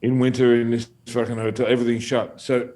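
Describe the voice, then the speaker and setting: A man's voice: medium pitch, quick pace. A middle-aged man telling an old story at a casual round table, swearing freely and laughing as he goes. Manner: animated, profane, laughs through his stories. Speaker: guest storyteller.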